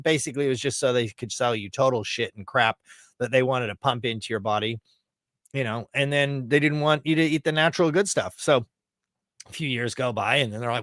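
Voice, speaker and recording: A man's voice: medium pitch, fairly quick, fairly bright tone, no echo, studio quality. A man hosting a livestream, chatting casually between clips in a loose, rambling, profane way. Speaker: livestream host. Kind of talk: casual chat.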